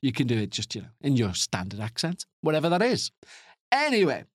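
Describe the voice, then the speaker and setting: A man's voice: medium pitch, wildly swooping pitch, fairly quick, dry recording, studio quality. A man with a Liverpool accent hosting a podcast, rambling in a chatty, self-mocking way with playful asides. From Northern England. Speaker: podcast host. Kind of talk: rambling casual podcast chat.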